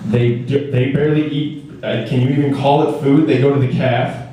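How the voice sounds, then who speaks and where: A young man performing a stand-up comedy set, rambling and acting out characters in quick put-on voices. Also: mid-range voice, steady tone, warm tone. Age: young adult. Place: comedy stage in a hall. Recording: echoey hall, mic far off.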